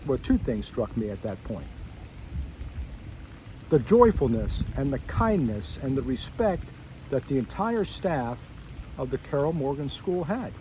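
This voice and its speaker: A middle-aged man tells old classmates a story from his school years, wandering off into asides and correcting himself as he goes. He acts out his younger self's surprised reactions, and a faint noise sits behind the mid-pitched voice. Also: low-quality recording. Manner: storytelling, acts out his own past reactions with rising excitement. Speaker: former student addressing a school reunion. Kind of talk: personal reminiscence to old classmates.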